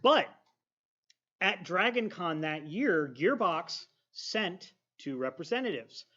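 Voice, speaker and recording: A man's voice: high-pitched, slow. A man who runs a podcast, telling a detailed story on a panel. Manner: steady, detailed anecdote telling. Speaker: podcaster and streamer. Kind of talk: casual panel chat. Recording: dull lo-fi audio.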